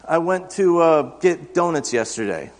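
A man's voice: a little high, lively intonation, moderate pace. A man in his thirties preaching an interactive sermon, asking the congregation questions and telling self-deprecating stories in a conversational way. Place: church sanctuary. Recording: long church reverb.

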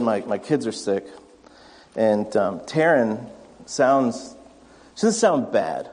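A man's voice: on the high side, darkish tone. Man preaching in a reverberant church. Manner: conversational, acts out family anecdotes. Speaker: pastor. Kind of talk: sermon. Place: church sanctuary.

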